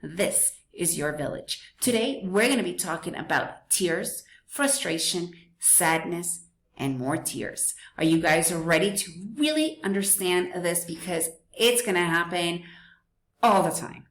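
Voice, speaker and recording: A woman's voice: fairly low pitch, lively intonation, unhurried, fairly bright tone, echoey room. A woman hosting a parenting podcast, talking straight to listeners in a blunt, emphatic way that often repeats its points. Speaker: podcast host. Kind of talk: direct-to-listener parenting talk.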